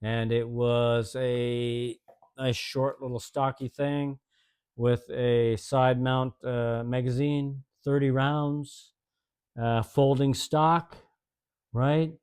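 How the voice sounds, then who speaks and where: A man's voice: medium pitch, flat delivery, extremely slow, a little mellow, clean tone. A man in his sixties casually telling old stories in a folksy, rambling way, chuckling often. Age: 60s. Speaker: host telling service stories. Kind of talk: casual storytelling.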